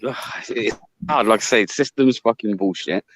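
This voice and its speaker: A man's voice: lowish voice, moderate pace, fairly bright tone, no echo. A man speaking frankly and reflectively in a casual chat, with plenty of swearing.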